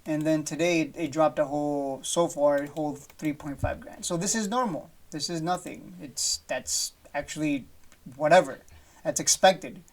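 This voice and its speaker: A man giving casual stock market commentary over charts, blunt and profane, rambling with frequent restarts. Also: on the high side. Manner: blunt, swears freely, dismissive of panic; loose and rambling with many restarts and fillers.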